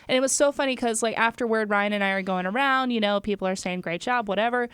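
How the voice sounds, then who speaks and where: A young woman with a medium-pitched, fairly bright voice talks fast in a clean tone with no room sound. Co-hosting a podcast, she tells stories in casual chat, laughing often and using lots of fillers.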